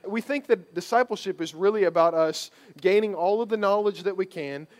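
A man's voice: sits high, fairly quick. A man giving a sermon as a pastor, conversational and emphatic, repeating phrases for stress.

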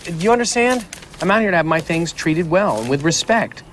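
A man's voice: fairly high pitch, expressive, a little fast, a bit bright, slight background noise. An actor playing a fussy man who scolds a coworker in film dialogue, insistent and repeating himself. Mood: exasperated.

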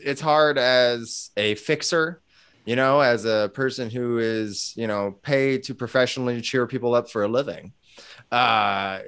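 Animated casual man, smooth voice. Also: fairly low pitch. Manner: animated, swearing, acts out quoted dialogue. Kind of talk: casual chat.

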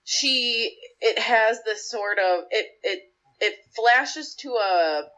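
A woman's voice: a little high, takes it slowly, pushed and bright. A young woman co-hosting a podcast, casually recapping a show with lots of filler words and acted-out lines. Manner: rambling, lots of "like" fillers, acts out characters' lines. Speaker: podcast co-host. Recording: slightly dull lo-fi audio.

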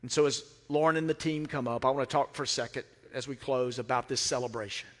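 A man's voice: medium pitch, fairly even intonation, fast. Middle-aged man, pastor, emphatic sermon delivery with repeated lines, echoing church hall. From Mississippi. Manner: emphatic, repeats phrases, asks the crowd questions. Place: church sanctuary. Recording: reverberant hall.

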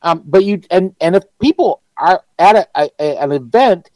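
A man's voice: high-pitched, lively intonation, normal speed, darkish tone, dry recording, poor audio. A man co-hosting a podcast in casual chat, with dry, sarcastic humor. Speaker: podcast co-host.

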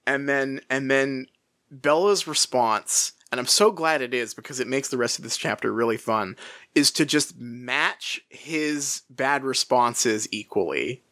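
A podcast co-host in casual book chat, talking in an animated way with lots of laughter, fillers and restarts. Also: mid-range voice, a little slow, no room sound, studio quality.

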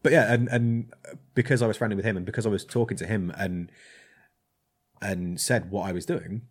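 A man with a fairly low voice chats casually about his craft as a blacksmith. He rambles, trails off and restarts with plenty of ums, in a relaxed conversational way. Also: brisk, husky. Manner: rambling, hesitant with many ums. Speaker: blacksmith, guest. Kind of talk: casual chat.

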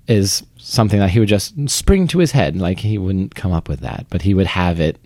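A man's voice: low-pitched, expressive, fairly quick, few pauses, darkish tone, dry recording. A young man from Vermont who works in theater, talking casually in an interview, chatty and self-deprecating, often trailing off and restarting. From Vermont, United States. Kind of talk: conversational interview.

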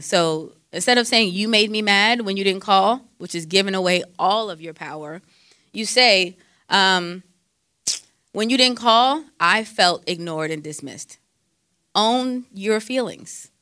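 Lady counselor, faith advice talk, bright punchy voice, dry sound, lots of ums. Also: medium pitch, clean tone, dry recording. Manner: conversational, quotes scripture, frequent fillers.

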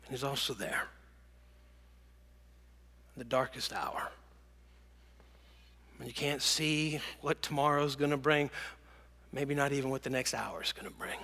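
A man preaching a sermon and telling stories, dropping to hushed whispers and rising to loud bursts. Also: mid-range voice, measured pace, gravelly, long pauses, in a large hall. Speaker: pastor.

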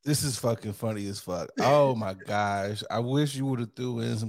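A man's voice: mid-range voice, moderate pace, gravelly, no room sound, clean studio sound. A young adult man hosting a casual chat, playful, laughing easily and acting out quoted lines.

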